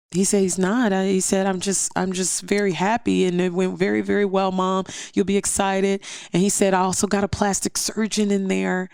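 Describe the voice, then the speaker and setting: A middle-aged woman sharing a personal testimony as a podcast guest, animated and acting out the voices in her story. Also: mid-range voice, dry recording, studio quality.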